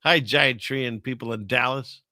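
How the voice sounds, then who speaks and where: A man's voice: medium pitch, steady tone, moderate pace, pushed and bright, no echo, studio quality. A man hosting a casual chat show, rambling through items and chuckling at his own jokes. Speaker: podcast host.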